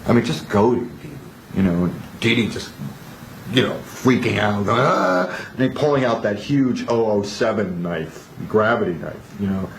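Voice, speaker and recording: A man telling animated anecdotes in a documentary interview. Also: on the low side, moderate pace, roomy sound, a little hiss or hum, low-quality recording.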